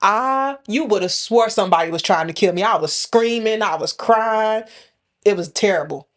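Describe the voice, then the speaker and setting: A woman's voice: mid-range voice, normal speed. A woman co-hosting a podcast, telling a story in a casual, dramatic way. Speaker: podcast co-host.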